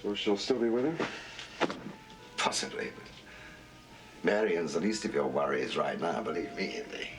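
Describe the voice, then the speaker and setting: An actor playing a grave ally who warns the hero in film dialogue. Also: male voice, deep voice, animated, moderate pace, pauses often, over music, low-quality recording. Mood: warning.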